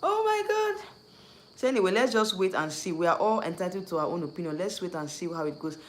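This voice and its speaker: High-voiced Nigerian man chatting on a livestream. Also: fast, a bit bright. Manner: rambling, repetitive, mixes in Nigerian Pidgin. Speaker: YouTube host. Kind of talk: casual livestream commentary.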